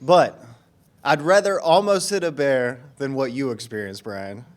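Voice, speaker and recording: A man telling an animated story in casual chat, laughing often. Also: mid-range voice, a little slow.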